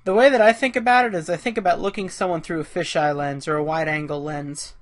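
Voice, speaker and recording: A man's voice: on the high side, steady tone, fast. A man who is a caricature artist, giving casual drawing commentary in a rambling, self-deprecating way, thinking aloud as he works.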